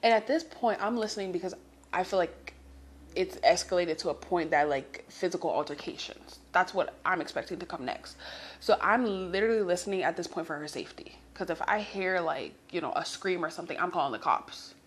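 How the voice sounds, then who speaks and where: A young woman telling a story in a chatty, animated way, swearing freely and talking to her listeners as girl. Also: fairly low pitch, brisk, husky. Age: young adult. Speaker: storytime vlogger. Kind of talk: casual storytelling.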